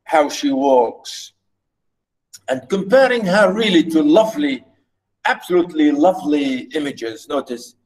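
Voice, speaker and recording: Slow-speaking male poetry lecturer. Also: fairly high pitch, expressive, low-quality recording. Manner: slow, with frequent repetitions and fillers; reads verse aloud slowly and softly.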